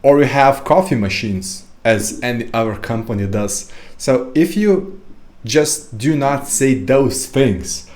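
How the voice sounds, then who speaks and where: A man talks through a casual podcast monologue at a middle pitch, rambling and loose with lots of fillers. His tone turns sarcastic as he riffs, with sudden jumps up in pitch for emphasis. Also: takes it slowly, a little mellow. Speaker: podcast host.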